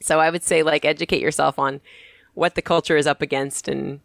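A middle-aged woman guest telling stories in a wry, animated way in a casual interview. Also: low-pitched, fairly quick, creaky, no room sound, clean studio sound. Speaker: podcast guest.

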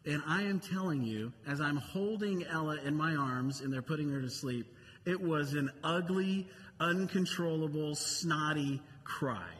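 A man with a high-pitched voice preaches a sermon at a slow, deliberate pace. His delivery is conversational, and he repeats key phrases for emphasis. The sound has a long reverb and a faint hum of ambience behind it. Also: a bit bright. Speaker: pastor.

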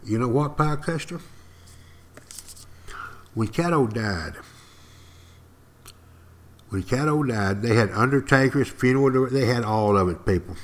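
A man telling history in a folksy, dramatic way, as if spinning a tale to friends. He keeps checking in with his listeners and asking if they follow. His voice sits in an ordinary middle pitch for a man. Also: expressive, measured pace, long pauses. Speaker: podcast history lecturer. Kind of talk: storytelling lecture.

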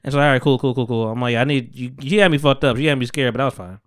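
Fast-talking young man telling a story. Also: medium pitch, no echo, clean studio sound. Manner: animated storyteller acting out quotes. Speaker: podcast host. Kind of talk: casual storytelling chat.

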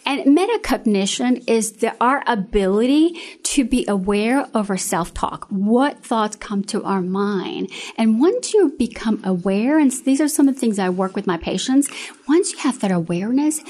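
A woman's voice: a little high, animated, moderate pace, a little mellow. A woman in her fifties, an author, speaking earnestly and with emphasis in a faith interview. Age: 50s. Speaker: author and guest.

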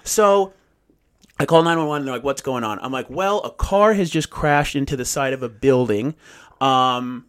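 A man with a medium-pitched, clean voice talks at a normal speed, casually spinning a long story. He swears freely and acts out what people said, keeping the chat animated and profane.

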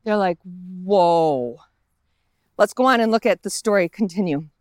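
A woman's voice: medium pitch, quick pace, no echo, clean studio sound. A woman pastor giving a conversational sermon outdoors in a park, acting out the lines of the characters in the story as she goes.

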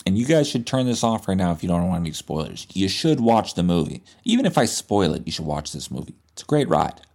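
A man hosts his podcast and retells a movie in a loose, swearing storytelling style. His voice is low and deep, with a mellow, relaxed tone. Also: fast. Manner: profane, animated retelling with restarts. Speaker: podcast host. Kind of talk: casual storytelling chat.

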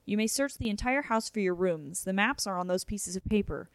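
A woman reading the part of a quirky, eccentric young Irish gentleman with an Irish accent, in a playful, theatrical manner. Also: high-pitched, animated, brisk, no echo. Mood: instructing.

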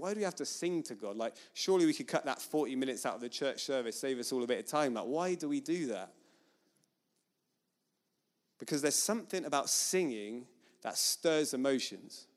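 A man preaching a conversational sermon, acting out quoted voices. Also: mid-range voice. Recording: long hall reverb.

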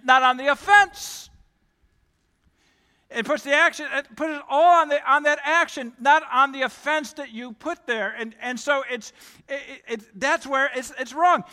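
A male pastor preaching a sermon, talking emphatically and climbing louder on key points. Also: very high-pitched. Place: church. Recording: long hall reverb.

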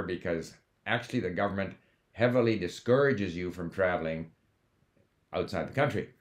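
An older man from Canada talking casually about learning languages, wandering off on digressions and stopping to correct himself. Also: fairly low pitch. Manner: conversational, digressive, with fillers and self-corrections. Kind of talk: casual monologue.

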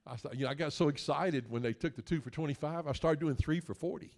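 A man's voice: a little high, fast, darkish tone. A male guest preacher, delivering a folksy, joking sermon that builds into emphatic questions.

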